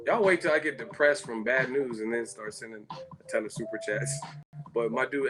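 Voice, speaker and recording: Man, live-stream host, profane, rambling, mid-pitched, music behind. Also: moderate pace. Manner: profane, rambling, riffing on viewer comments.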